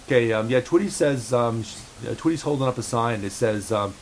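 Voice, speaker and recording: A man talks in a halting, meandering way, stopping and restarting his sentences and filling the gaps with ums. His voice sits at an ordinary middle pitch. A faint steady hiss runs under the recording. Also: poor audio. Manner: halting, many fillers and restarts, relays a cat's remarks. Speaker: host of a home-made pet show. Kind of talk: rambling casual monologue.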